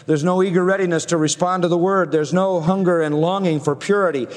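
A man's voice: high-pitched, fairly even intonation, brisk, long reverb tail. A man preaching a sermon, emphatic and driving, often using rhetorical questions. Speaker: pastor.

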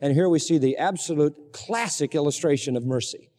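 A man preaching a sermon as pastor, emphatic, swinging between loud outbursts and hushed asides. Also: a little high, a little fast. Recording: long hall reverb.

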